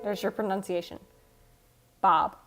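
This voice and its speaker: Chatting on a livestream, an American woman with a Michigan accent answers viewers in a talkative, self-teasing tone. Her mid-range voice is fairly bright with fairly even intonation, she speaks unhurriedly, and faint music plays in the background.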